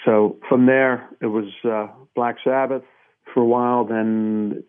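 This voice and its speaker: A man in his sixties from Brooklyn, New York, telling relaxed, rambling stories as an interview guest, with plenty of fillers. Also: mid-range voice, measured pace, clean tone. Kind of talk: casual storytelling interview. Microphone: phone. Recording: tinny phone line.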